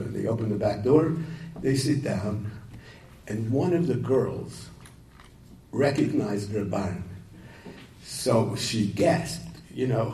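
A man telling a story and talking to yeshiva students, halting and repeating words, with Yiddish and Hebrew terms. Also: mid-range voice, creaky, warm tone. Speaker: speaker addressing yeshiva students. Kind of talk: informal talk to students, storytelling. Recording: echoey room, voice from far off, faint noise.

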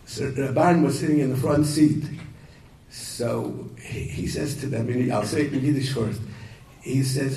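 A man telling a story and talking to yeshiva students, halting and repeating words, with Yiddish and Hebrew terms. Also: mid-range voice, dark tone. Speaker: speaker addressing yeshiva students. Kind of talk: informal talk to students, storytelling. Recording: echoey room, voice from far off, faint noise.

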